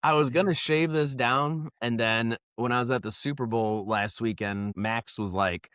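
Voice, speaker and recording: A man's voice: medium pitch, normal speed, fairly bright tone, clean tone, dry recording, clean studio sound. A man co-hosting a podcast, chatting casually in a rambling, profane way and laughing often. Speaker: podcast co-host. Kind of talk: casual banter. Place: South Carolina.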